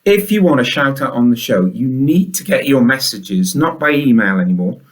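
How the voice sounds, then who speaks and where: A man's voice: mid-range voice, animated, moderate pace. A man hosting a school announcements show, upbeat and chatty, full of enthusiasm.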